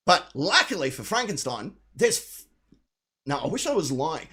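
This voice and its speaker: Male live-show host, rambling, crude, animated pitch. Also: normal speed, slightly rough. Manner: rambling, profane, retelling a film. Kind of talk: casual live-stream chat.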